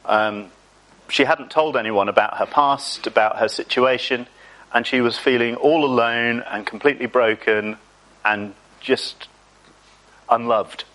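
A man preaching a sermon in a mid-pitched voice. He talks in a chatty, self-mocking way and draws out the words that matter. He tells the story from his own life. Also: measured pace, fairly bright tone, poor audio.

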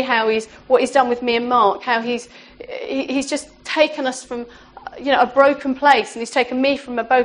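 A woman gives an informal, heartfelt sermon to her church. Her voice sits a little high, and she talks in a conversational way, often saying "you know" and restarting her sentences. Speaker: church speaker.

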